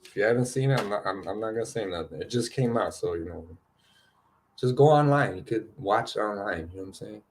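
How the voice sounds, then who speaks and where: A man hosts a spiritual card-reading session in loose, casual chat, keeping his voice on the low side. He rambles, gets excited, and tosses in "you know" and "right?" constantly. A faint hum sits behind him. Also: a little fast.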